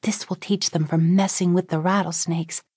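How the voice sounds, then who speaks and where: A woman's voice: fairly low pitch, fairly even intonation, moderate pace, warm tone, breathy edge, no room sound, clean studio sound. A woman voicing a feisty, scheming girl camper who speaks indignantly in a children's audiobook.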